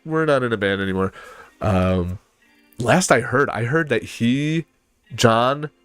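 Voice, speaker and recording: Casual male panelist, low voice, rambling and filler-heavy, with faint music underneath. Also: clean tone, dry recording. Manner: rambling, filler-heavy, mouths bass riffs aloud. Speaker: podcast panelist. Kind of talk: casual chat about music.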